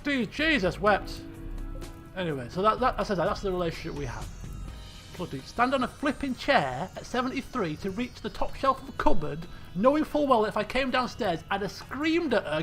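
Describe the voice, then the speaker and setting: A man streaming a game, telling stories in casual, animated, exclamatory chat with some swearing. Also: high-pitched, normal speed, pauses often, soft background music.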